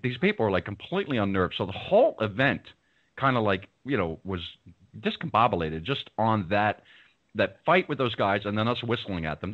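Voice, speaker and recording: A man hosting a radio show, telling a story casually and acting out the people in it. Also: on the low side. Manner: animated, acts out the people in his story. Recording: dull lo-fi sound.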